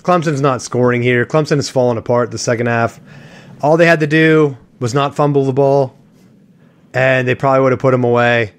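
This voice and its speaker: A man's voice: mid-range voice, fairly even intonation, fairly quick. A man hosting a sports podcast, rambling and joking in casual chat with a co-host.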